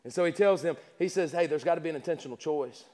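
A male preacher delivering a sermon at a church service, emphatic and repetitive, firing rhetorical questions and stumbling over quick restarts. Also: fairly high pitch, a little mellow, big-room sound. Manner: stammering restarts.

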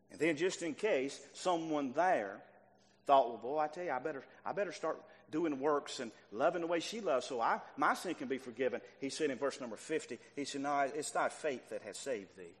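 A fairly high-voiced man preaches to his congregation, pressing his points and repeating himself for emphasis. His voice swings from hushed asides to loud bursts. A long church-hall reverb trails each phrase. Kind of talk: sermon. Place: church sanctuary.

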